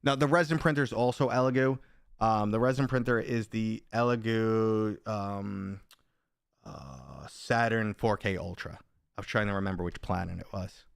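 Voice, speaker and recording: Gravelly low-voiced man streaming casually. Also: moderate pace, dry recording, clean studio sound. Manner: rambling, joking, reads chat aloud. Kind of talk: casual live-stream chat.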